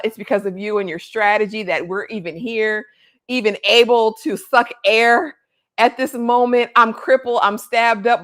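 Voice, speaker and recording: A woman's voice: medium pitch, natural voice. A woman voicing a big young knight who gushes slangy loyalty to his lord. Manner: gushing, slangy devotion. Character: young giant knight, man, loyal and devoted.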